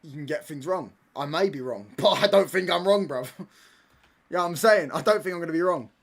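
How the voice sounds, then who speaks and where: A man's voice: a little high, brisk, vocal fry. A young man hosting a live football watchalong, rambling and arguing back at his chat in casual slang. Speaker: livestream watchalong host.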